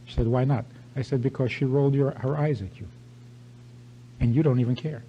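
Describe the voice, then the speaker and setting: A man's voice: mid-range voice, steady tone, fast, warm tone, low-quality recording. An older man, a rabbi, giving an emphatic sermon-style talk and telling a story with repeated phrases.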